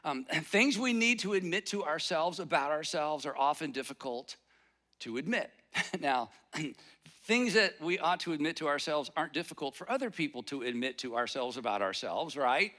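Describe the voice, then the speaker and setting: A man's voice: a little high, expressive, normal speed, bright, forceful tone. A man preaching a conversational sermon, acting out little bits of inner dialogue as he goes. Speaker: pastor.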